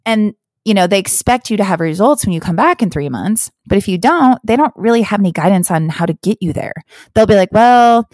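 A woman's voice: mid-range voice, animated, brisk, darkish tone, no echo, clean studio sound. A woman hosting a podcast as a health coach, talking in a candid, earnest, chatty way with lots of fillers. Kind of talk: casual podcast monologue.

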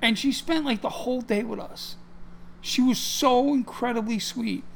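A man's voice: extremely high pitch, moderate pace, gravelly, a little hiss or hum. A man co-hosting a podcast in casual chat, rambling with many restarts and fillers. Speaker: podcast co-host.

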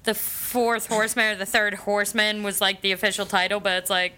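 Bright-voiced chatty woman. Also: mid-range voice, steady tone. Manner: rambling, fast storytelling with constant fillers and swearing. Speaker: co-host. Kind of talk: casual comedy chat.

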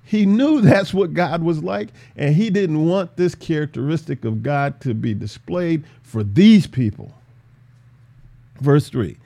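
A man teaching through a Bible passage in a casual, animated way, acting out the characters' lines. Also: on the high side, measured pace, vocal fry. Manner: animated, voices biblical characters, laughs often.

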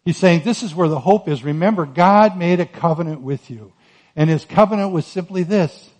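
A man preaching a sermon on Scripture, earnest and emphatic, rising to forceful peaks. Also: on the high side, moderate pace. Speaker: pastor.

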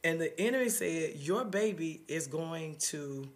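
A woman's voice: deep voice, expressive, unhurried. A middle-aged woman co-hosting a casual faith-based conversation, telling her story earnestly with many fillers and restarts. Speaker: podcast co-host.

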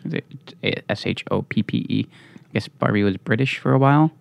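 A man's voice: on the low side, brisk, creaky, dry recording. A man co-hosting a podcast in casual chat, making dry, wry asides. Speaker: podcast co-host.

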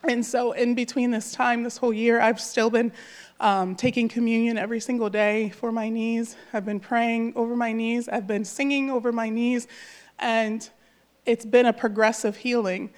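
A woman's voice: a little high, flat delivery, moderate pace. A woman in her thirties giving an emotional, earnest personal testimony at church, speaking from the heart with many fillers. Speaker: church member sharing a testimony.

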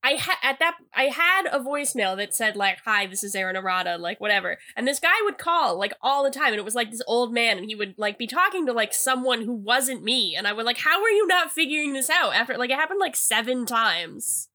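A woman in her thirties co-hosting a podcast, telling stories in casual chat with giggly, animated delivery. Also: on the high side, a little fast, few pauses. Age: 30s. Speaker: podcast co-host.

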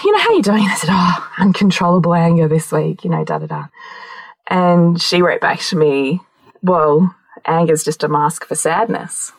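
A woman's voice: lowish voice, breathy edge, dry recording, rough recording. A woman in her thirties co-hosting a podcast in casual chat, telling stories animatedly, often laughing and swearing. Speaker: podcast co-host.

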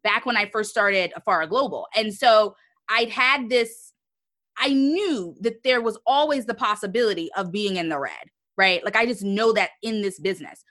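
Bright, expressive woman entrepreneur. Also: medium pitch, normal speed. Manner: expressive, animated storytelling with laughs. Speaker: entrepreneur guest. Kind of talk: podcast interview.

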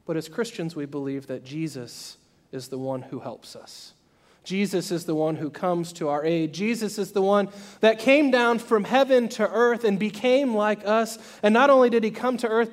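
High-voiced man preaching a sermon. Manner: storytelling with acted-out dialogue, swinging loud and soft. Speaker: pastor.

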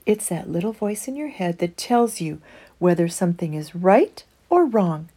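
A woman voicing a kind, patient mother in a storybook reading, gently explaining. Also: fairly low pitch, sing-song, normal speed, husky. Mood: gentle.

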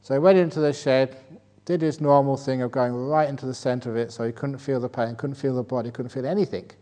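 Older male monk teaching a retreat, mid-pitched, storytelling talk, chuckles at his own asides. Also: quick pace. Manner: rises into animated rhetorical questions.

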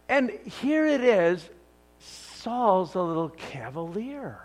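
A man preaching a sermon with dramatic emphasis. His voice is high and swoops up and down as he drives each point home. He takes his time, speaking slowly and deliberately. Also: expressive. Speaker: pastor.

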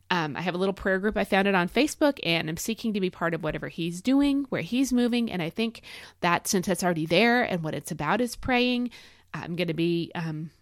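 A woman's voice: medium pitch, no echo, clean studio sound. A middle-aged woman hosting a devotional podcast, talking with earnest emphasis and reading scripture to her listeners. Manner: earnest, emphatic, lively encouraging delivery. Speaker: podcast host. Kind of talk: devotional podcast talk, reading Bible verses.

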